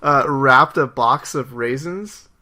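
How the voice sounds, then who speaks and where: A man's voice: mid-range voice, slow, sharp tone. A young adult man co-hosting a podcast, chatting casually, upbeat and teasing, laughing often. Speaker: podcast co-host. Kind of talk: casual chat.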